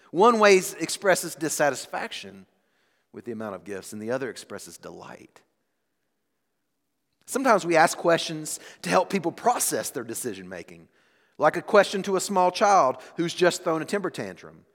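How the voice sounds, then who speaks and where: A man in his thirties delivers a sermon from the pulpit, his slightly high voice rising and falling with lively, animated intonation. He swings from full-voiced emphasis down to near-hushed moments. His words ring out with a long reverb, as in a large hall. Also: moderate pace. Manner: expressive preaching with dramatic swings in volume. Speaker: pastor.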